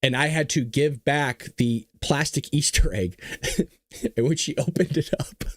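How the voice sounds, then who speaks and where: A man in his thirties hosting a casual talk show, telling stories in an animated, joking way and laughing often. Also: medium pitch, measured pace, no room sound, clean studio sound. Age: 30s. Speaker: host of a political talk show. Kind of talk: casual livestream talk and storytelling.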